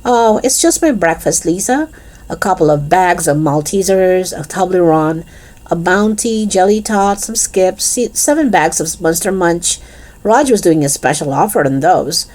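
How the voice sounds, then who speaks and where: A woman's voice: lowish voice, animated, normal speed, a little mellow. A woman voicing a friendly, chatty schoolboy who mumbles through his food in a storybook. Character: chubby, chatty schoolboy chewing sweets.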